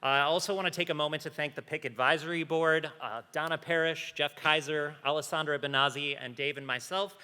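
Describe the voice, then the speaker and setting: A man's voice: fairly high pitch, steady tone, a little fast, few pauses, bright, forceful tone, clean tone, in a large hall. A man co-hosting a conference contest on stage, playing the self-deprecating straight man in the banter. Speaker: co-host. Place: hotel conference hall.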